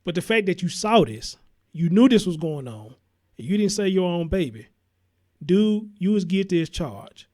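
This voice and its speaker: A man's voice: high-pitched, very animated, normal speed, a little mellow. A man hosting a live-stream commentary show, talking bluntly and heatedly with heavy cursing while he greets viewers. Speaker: talk show host.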